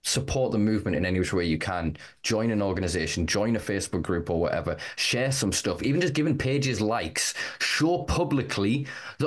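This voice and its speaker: Deep-voiced fervent man. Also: lively intonation, a little fast. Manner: fervent, rallying, swears freely. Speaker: guest, cannabis rights campaigner. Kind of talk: passionate podcast talk.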